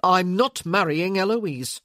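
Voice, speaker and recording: A wry young rake who answers in dry, clipped lines, as a woman narrator voices him. The voice stays husky and fairly low, with lively pitch moves. It sounds close and dry, like a storybook recording. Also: a little slow, dry recording. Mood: wry guarded. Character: wry young male rake, guarded and sardonic.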